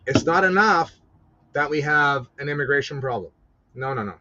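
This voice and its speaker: A man's voice: a little high, animated, moderate pace, background noise. A man hosting a podcast, ranting casually about politics in a profane, rambling, mocking way. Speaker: podcast host. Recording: slightly dull lo-fi audio.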